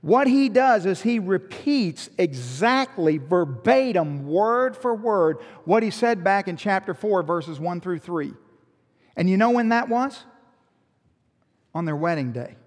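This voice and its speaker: High-voiced preacher in a reverberant hall. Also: male voice, slow pace. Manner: animated, rhetorical questions, joking asides. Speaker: pastor. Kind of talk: sermon.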